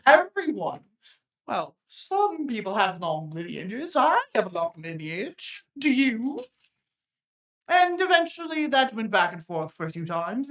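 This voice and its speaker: Woman as a pompous bragging general, slow drawl, highish voice, haughty, giggly, live con game. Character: boastful pompous general, self-important, a woman playing a man. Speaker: player in live improv tabletop game. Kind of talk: live improvised character play. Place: convention stage before a live audience.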